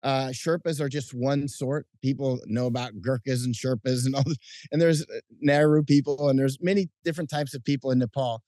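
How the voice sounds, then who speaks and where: A middle-aged man chatting outdoors at night as an interview guest, telling animated stories with frequent restarts and chuckles. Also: medium pitch, brisk, no room sound, studio quality. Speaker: interview guest, combat correspondent. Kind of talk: casual interview chat. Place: outdoors at night under lights.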